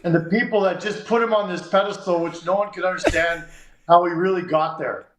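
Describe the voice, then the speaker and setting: A man's voice: high voice, fairly quick, roomy sound, poor audio. A Canadian man hosting a sports radio show, telling a long story and acting out the dialogue. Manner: animated, acts out quoted dialogue.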